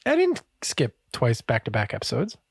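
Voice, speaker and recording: A man's voice: mid-range voice, wildly swooping pitch, moderate pace, creaky, breathy edge, dry recording, studio quality. A man hosting a casual comedy podcast, joking, swearing and slipping into silly impressions. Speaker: podcast host.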